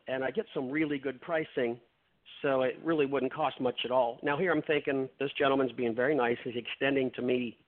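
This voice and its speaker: Man telling a story over a phone line. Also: mid-range voice. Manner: retells dialogue, frequent restarts. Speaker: radio show guest. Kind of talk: storytelling in conversation. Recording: phone-like narrow sound.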